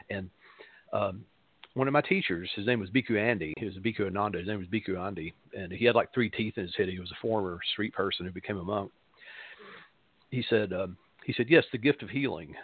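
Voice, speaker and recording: A pastor hosting a spiritual talk show tells his stories in a loose, rambling way, circling back to repeat his points. His voice sits low and gravelly. The sound is dry and thin, as if it comes over a phone line. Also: brisk, no room sound. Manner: rambling, repeats phrases for emphasis.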